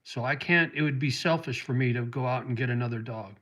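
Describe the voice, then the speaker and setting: The host, a middle-aged man, talks a little fast in a medium-pitched, fairly bright voice on a casual livestream. He reads out viewer comments and answers with heartfelt words, getting choked up over dogs.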